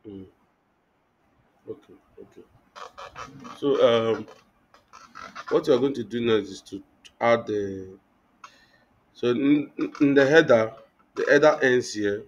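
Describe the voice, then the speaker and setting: A man's voice: medium pitch, slow, pauses often, lo-fi sound, slight background noise. A young man teaching web design in a live online class, thinking aloud with many restarts and fillers. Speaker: web development instructor.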